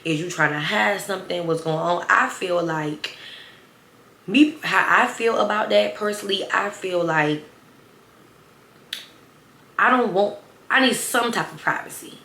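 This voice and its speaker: A woman's voice: mid-range voice, measured pace, gravelly, long pauses, pushed and bright. Chatty young woman telling a story. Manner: chatty, emphatic, addresses viewers as y'all. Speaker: storytime vlogger. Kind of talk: casual storytime chat. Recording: roomy echo, faint ambient noise.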